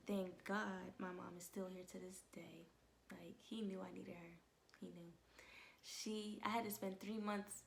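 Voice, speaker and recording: A young woman vlogging at home, telling an emotional personal testimony in a casual way and often dropping into soft whispers. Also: lowish voice, gravelly, slight background noise.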